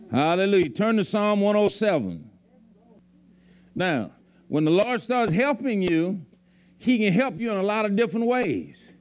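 A man preaching a sermon to a congregation, emphatic and repeating his lines. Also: sits high. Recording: faint crowd from the congregation.

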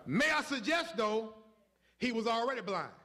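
A man's voice: very high voice, sing-song, moderate pace, sharp tone. A man preaching a sermon, emphatic and folksy, calling out to the congregation and pushing for responses.

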